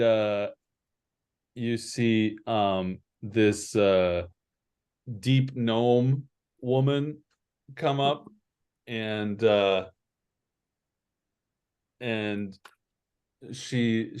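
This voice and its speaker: Brief: unhurried male game master, mid-range voice, halting narration. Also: on the low side, fairly even intonation, darkish tone, clear, resonant tone. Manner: halting, full of fillers and restarts.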